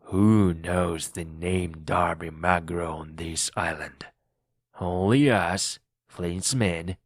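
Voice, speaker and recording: A hardened pirate captain barks firm orders, as a man puts him on in a storybook reading. The voice sits low and moves slowly. The sound is dry and close, with no room around it. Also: animated, no room sound. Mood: hushed. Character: hardened one-legged male pirate leader, commanding. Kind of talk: audiobook reading for learners.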